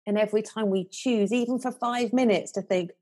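A woman speaks as a confidence coach on a podcast, her tone mellow and warm. She explains her ideas earnestly and gently, now and then slipping into the voices she describes. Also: mid-range voice, a little fast. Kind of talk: podcast interview.

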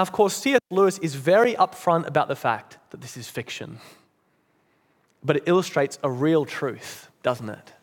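A man preaching a sermon in an earnest, emphatic way. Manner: earnest, emphatic, drops low and soft at key points. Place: church. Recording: long church reverb.

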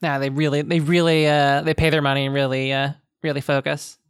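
A woman's voice: sits low, level tone, brisk, smooth, no echo, studio quality. A woman game master narrating a tabletop game in a rambling way, with lots of restarts and laughs.

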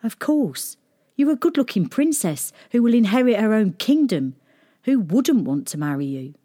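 A woman's voice: fairly high pitch, very animated, normal speed, warm tone, no echo, clean studio sound. A woman doing a cheeky shepherd boy. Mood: teasing.

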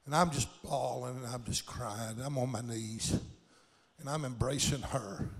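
A man's voice: mid-range voice, fairly even intonation, a little slow, big-room sound. An older man preaching a sermon in a church sanctuary, with impassioned, folksy delivery and plain country grammar.

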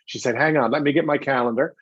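A middle-aged man with a husky, slightly breathy voice, spinning animated anecdotes and acting out quotes. The sound is dry and a little dull, as if recorded with a modest mic in a deadened room. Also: mid-range voice, no echo. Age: 40s or older. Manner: animated storyteller acting out quotes, quick restarts. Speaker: guest, television host. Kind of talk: anecdotal interview talk.

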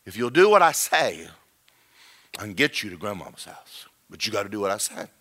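A man voicing a huge wise male lion who gives slow, low commands. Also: sing-song, pushed and bright, heavily acted. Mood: commanding.

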